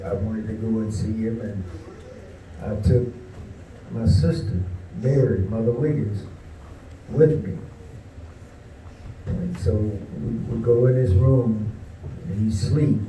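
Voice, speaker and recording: Man, warm storyteller at a tribute, folksy and unhurried, recorded off-mic in a roomy space with faint noise. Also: lowish voice, distant mic. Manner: unhurried, folksy, frequent pauses and fillers. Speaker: speaker at a memorial tribute. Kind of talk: personal storytelling.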